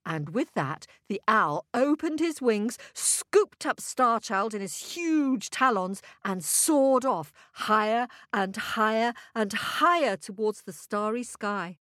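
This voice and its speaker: Woman reading a bedtime kids story, slow and lively, high voice, dry close sound. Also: no room sound. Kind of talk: children's storybook narration.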